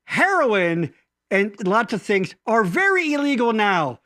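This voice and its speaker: A man's voice: high voice, very animated, a little slow, sharp tone, no echo, clean studio sound. A man hosting a podcast in casual chat who rambles, restarts sentences and jokes with profanity. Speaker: podcast host.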